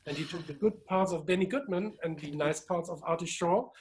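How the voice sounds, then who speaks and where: A man's voice: high-pitched, brisk. A middle-aged man from Berlin with a German accent, telling a long anecdote in casual conversation over a video call. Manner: animated, laughs while telling stories. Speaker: DJ and record collector, guest.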